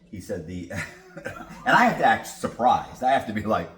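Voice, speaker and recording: Man guest, low and lively, profane storyteller, echoey room. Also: moderate pace, a little hiss or hum. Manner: profane, animated storytelling with acted-out dialogue. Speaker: podcast guest. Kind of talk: storytelling interview.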